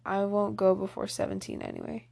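A woman's voice: mid-range voice, flat delivery, brisk, creaky, darkish tone. A woman reading aloud as a polite, good-natured teenage boy in a storybook, barely changing her own voice.

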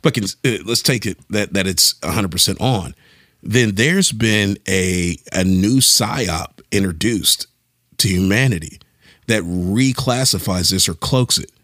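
A man co-hosting a podcast, talking in an animated, casual way and thinking aloud with frequent restarts. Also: fairly low pitch, measured pace, no room sound, clean studio sound. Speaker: podcast co-host. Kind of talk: casual discussion.

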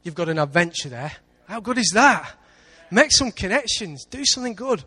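A man with an English accent preaching a sermon in church, lively, with big swings between loud and quiet. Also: high-pitched, brisk, slightly rough. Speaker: pastor.

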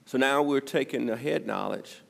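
A male pastor preaching a sermon, his delivery swinging from loud emphasis to near-whispers. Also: medium pitch, normal speed, vocal fry. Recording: long reverb of a church hall.

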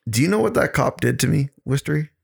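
A man's voice: quick pace, gravelly. A man hosting a comedy podcast, telling crude stories in a rambling, profane way. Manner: rambling, profane, gets louder and higher when excited. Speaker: podcast host.

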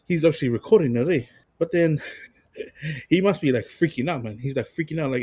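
NZ podcast co-host, husky and dry, casual slangy storyteller. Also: male voice, a little high, a little fast, a little mellow, dry recording. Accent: New Zealand. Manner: laid-back storytelling with slang and chuckles. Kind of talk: casual chat.

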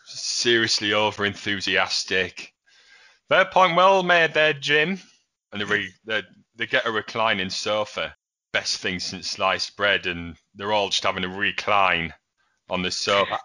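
A man's voice: lowish voice, a little slow, pushed and bright. A young man co-hosting a podcast, chatting casually and animatedly with laughs as he retells scenes. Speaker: podcast co-host. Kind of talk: casual chat.

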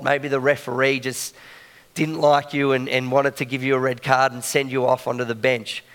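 A man's voice: mid-range voice, fairly bright tone. Man preaching in a reverberant hall. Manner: conversational, checks in with the congregation. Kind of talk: sermon.

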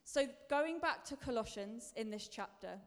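A woman's voice: on the high side, expressive, moderate pace. A woman preacher giving a sermon in a chatty, self-deprecating way, building to emphatic bursts. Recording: long reverb of a large hall.

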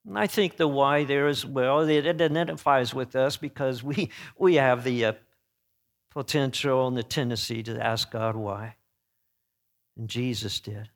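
A man preaching an earnest sermon. He swings between emphatic peaks and hushed, solemn passages, and often corrects himself mid-phrase. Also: mid-range voice, steady tone, unhurried. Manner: frequent self-corrections and restarts.

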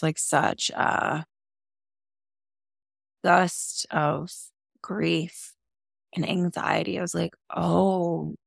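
A woman with a lowish, gravelly voice opens up on a podcast about her own experience. She talks casually and emotionally and swears now and then. The sound is dry and close. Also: no echo. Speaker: podcast guest. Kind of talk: candid personal storytelling.

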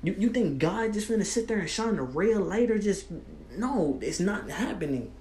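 A man's voice: sits high, animated, moderate pace, a little mellow. A young man giving a heated, profane monologue, full of repeated "bro" and restarts. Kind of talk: ranting monologue to camera. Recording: roomy echo with faint ambience.

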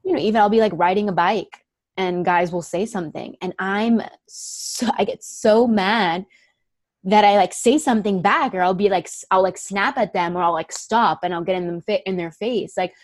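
A young woman from Miami speaks openly in a conversational interview, her voice sitting in a middle register. She tells stories animatedly, with frequent fillers and quick restarts. The recording is close and dry, with no room echo. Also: mid-range voice. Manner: animated storytelling, many fillers, acts out quoted voices. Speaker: actress guest.

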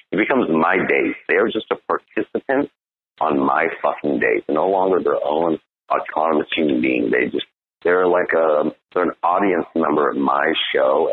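A man coaching on dating in a blunt, profane monologue, asking "right?" as he goes. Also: rumbling low. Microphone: phone. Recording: tinny phone line.

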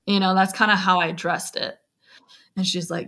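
A woman's voice: fairly low pitch, flat delivery, normal speed, sharp tone. A woman telling her own story in an interview, speaking candidly with frequent fillers and restarts. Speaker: guest recounting a personal story.

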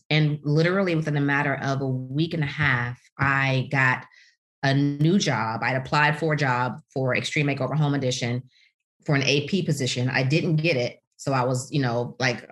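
A middle-aged woman from the United States telling her career story in an interview, animated and full of "you know" fillers. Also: brisk. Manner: animated storytelling, voices quotes with big pitch leaps. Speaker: guest, author. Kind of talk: podcast interview, personal story.

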